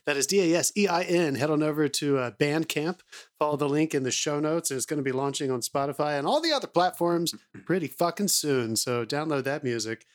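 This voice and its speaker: A man's voice: fairly high pitch, fairly quick. A man co-hosting a podcast, reading sponsor plugs and trading profane jokes about films. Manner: profane, joking banter. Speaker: podcast co-host. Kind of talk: casual film discussion.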